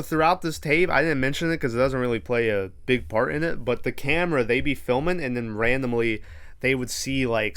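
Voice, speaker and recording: A man's voice: medium pitch, a bit bright, clean tone. A young man hosting a podcast, casually recapping a horror movie in a rambling, profane way and acting out the characters' lines. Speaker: podcast host.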